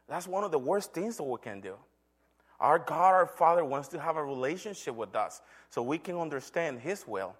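A man's voice: a little high, big pitch swings, moderate pace. Earnest man preaching a testimony. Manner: earnest, storytelling with acted quotes. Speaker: church elder. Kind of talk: sermon testimony.

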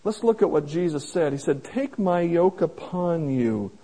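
Man, pastor, sermon, husky, mellow tone, folksy everyday examples. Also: on the high side, animated, rough recording. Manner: folksy, plain-spoken preaching with everyday examples; slows down to stress quoted scripture.

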